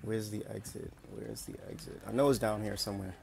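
A man talks through his gameplay in a low, gravelly voice, repeating short phrases to himself. Clear background noise sits under his voice. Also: level tone, a little fast, a little mellow. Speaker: streamer. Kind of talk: casual gameplay commentary.

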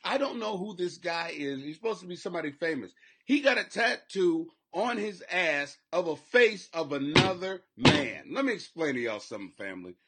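A man hosting a podcast, riffing in crude, profane comedic commentary that rambles and swings in loudness. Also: high-pitched, lively intonation, normal speed, slight background noise. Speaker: podcast host.

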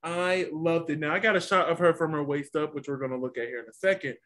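A man's voice: a little high, steady tone, quick pace, fairly bright tone. A man co-hosting a casual show review, chatty and dramatic, often acting out quotes. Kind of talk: casual chat.

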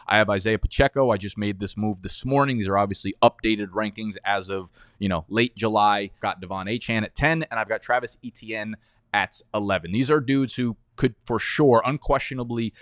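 Blunt, excitable fantasy football analyst man. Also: fairly low pitch, brisk, no echo, clean studio sound. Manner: blunt, excitable, rattles off stats, stammers when unsure. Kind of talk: casual opinionated rankings rundown.

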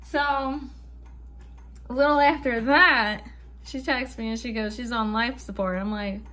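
Bright high-voiced young woman vlogger. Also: fairly even intonation, a little slow. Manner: chatty, swearing, nervous laughter between lines. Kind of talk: casual storytime vlog.

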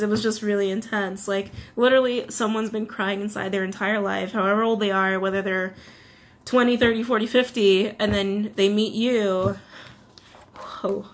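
A woman's voice: mid-range voice, fairly even intonation, normal speed. A woman giving a casual tarot reading to camera, chatty and confiding, full of fillers. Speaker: tarot reader.

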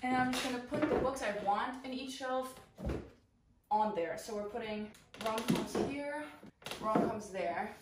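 A woman's voice: a little high, a little slow, very noisy. A young woman vlogging casually while tidying her bedroom, chatty and swearing now and then. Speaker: booktuber. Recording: echoey room, mic far off.

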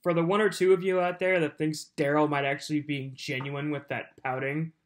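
A YouTube host chatting casually and mockingly while commenting on courtroom clips, often laughing. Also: mid-range voice.

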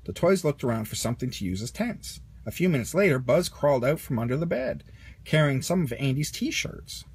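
A man reading a children's storybook aloud as narrator, expressive. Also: mid-range voice, a little fast, breathy edge. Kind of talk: storybook read-along.

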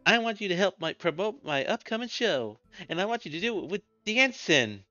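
A man voicing a sly, persuasive young woman dancer in a high put-on voice, for a game playthrough. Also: sing-song, brisk, bright, forceful tone, dry recording, full character voice. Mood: coaxing. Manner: high put-on falsetto, coaxing. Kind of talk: let's play character voice. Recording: dull lo-fi recording with game music.

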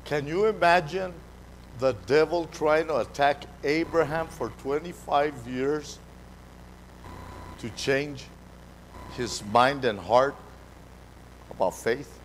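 A man with a high-pitched voice delivers a fervent church sermon at an unhurried pace, repeating key words and calling out to the congregation. His voice rings through a large sanctuary with a long reverb. A faint hum of background noise sits under the live recording. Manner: fervent, repetitive call-and-response preaching. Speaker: pastor.

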